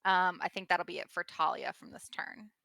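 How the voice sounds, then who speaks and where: Girl explaining her attack roll, bright voice, smooth, excitable. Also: lowish voice, moderate pace, no room sound. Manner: excitable, explains rules aloud. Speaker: player. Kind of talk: tabletop game play.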